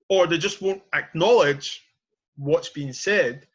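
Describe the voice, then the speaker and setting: A man's voice: medium pitch, steady tone, slow pace, lo-fi sound. A man hosting a podcast, arguing his point with passion and leaning on "you know" and "period". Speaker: podcast host. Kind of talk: passionate casual debate.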